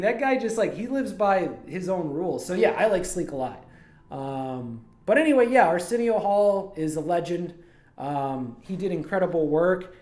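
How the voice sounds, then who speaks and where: A man's voice: on the high side, a little mellow. A man from Toledo, Ohio, chatting casually on his livestream as a streamer and animator, drifting from one story to the next. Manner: rambling, digressive storytelling. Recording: roomy echo.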